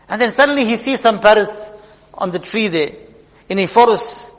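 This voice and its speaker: A man's voice: high-pitched, moderate pace, a bit bright. A man giving a sermon, telling a story earnestly and weaving in religious terms. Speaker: preacher. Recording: long hall reverb.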